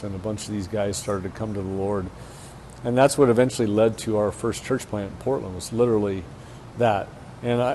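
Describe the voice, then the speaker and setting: A man's voice: lowish voice, mellow, slight background noise. A man speaking as a pastor and church planter at a conference, telling a personal story frankly with plenty of fillers.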